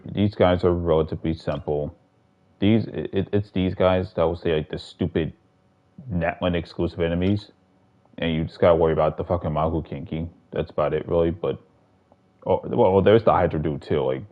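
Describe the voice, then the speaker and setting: A man with a very low voice rambles through casual gaming livestream commentary, swearing freely and restarting his sentences. The sound is dull and lo-fi, like compressed stream audio. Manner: rambling, profane, restarts often.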